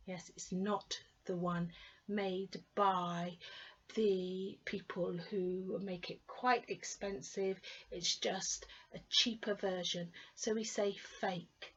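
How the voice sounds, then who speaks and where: A woman tutor takes her time over each word and spells out its ending with care. She speaks at an unhurried pace. Her voice comes through a dull, lo-fi recording. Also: medium pitch, fairly even intonation, fairly bright tone, husky, distant mic. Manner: slow, careful enunciation of word endings. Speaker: English tutor. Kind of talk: online English lesson.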